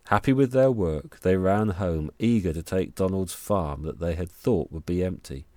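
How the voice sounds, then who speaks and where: Man, storyteller, measured, low, dark voice, dry close sound. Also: no echo. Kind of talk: storytelling narration.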